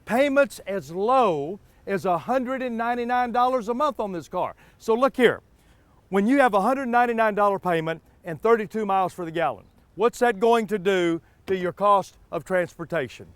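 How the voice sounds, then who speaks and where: A man hosting a car sales show from an outdoor dealership lot, pitching deals in a folksy, repetitive way. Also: expressive, moderate pace, dry recording. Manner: folksy, repeats words, stumbles.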